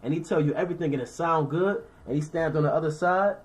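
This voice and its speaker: A man's voice: on the high side, quick pace, hardly any pauses. A man teaching scripture informally, reading verses and explaining them in a slangy, conversational way while checking in with his listeners. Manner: reads verses then explains them with everyday examples.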